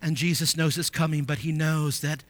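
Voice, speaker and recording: A man preaching a sermon. He rises to emphatic declarations, drops to quiet asides and asks the congregation rhetorical questions. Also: a little high, level tone, moderate pace, no room sound. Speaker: pastor.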